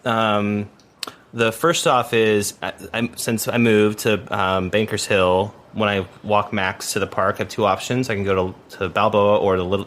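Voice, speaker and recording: A man's voice: lowish voice, fairly bright tone, slight background noise. A man producing a podcast, chatting casually and rambling with lots of fillers and restarts. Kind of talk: casual chat.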